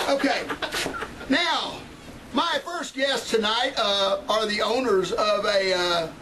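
A man's voice: high-pitched, sharp tone, slight background noise, poor audio. A man hosting a talk show, delivering a sarcastic, ranting monologue. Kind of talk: comedic opening monologue.

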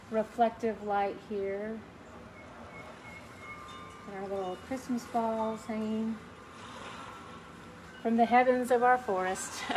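A middle-aged woman teaching a live online painting class in a gentle, chatty way, greeting viewers by name as she works. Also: mid-range voice, noisy background. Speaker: painting instructor.

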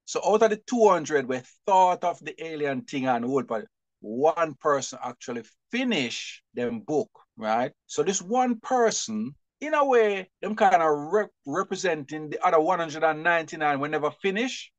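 A middle-aged man, a publisher and bookseller, telling stories in an animated, expressive way during an interview and often laughing. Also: a little high, moderate pace, no echo.

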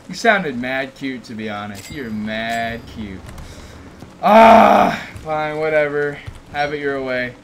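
A man chatting and teasing a friend on a gaming stream, animated and jokey. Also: medium pitch, takes it slowly. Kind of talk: casual gaming stream chat.

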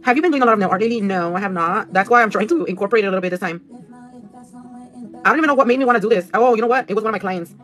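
A woman's voice: mid-range voice, rapid-fire, a bit bright. A woman chatting casually on a livestream as she paints nails, swearing freely, slipping into Spanish and answering viewer comments, with music playing in the background. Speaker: nail artist livestreaming. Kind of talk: casual livestream chat while working.

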